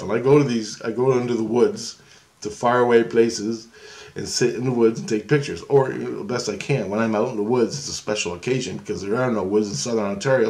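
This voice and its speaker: A middle-aged man rambles through a long story in a casual vlog. His voice sits at an ordinary male pitch. He swears freely and keeps breaking into laughter. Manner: profane, laughs often, loose and talkative. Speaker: vlogger.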